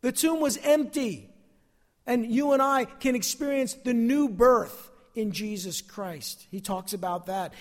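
A male pastor preaching a sermon, asking the congregation questions and calling out "amen?". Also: high-pitched. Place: church service. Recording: long hall reverb.

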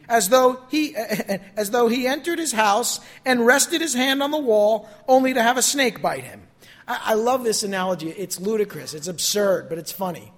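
A man preaches a sermon, reading scripture expressively and explaining it. His voice lifts on quoted verses and drops low on conclusions, with long reverb from a large hall.

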